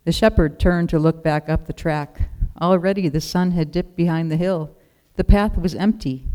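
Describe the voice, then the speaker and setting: A narrator reading a children's storybook aloud in a steady, expressive way. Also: mid-range voice, normal speed.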